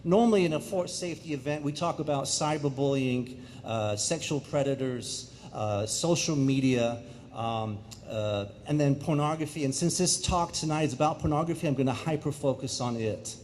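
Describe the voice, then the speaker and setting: A middle-aged man from England, a guest speaker giving a lively, jokey presentation that speaks directly to the audience in a high school auditorium. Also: normal speed, a little hiss or hum.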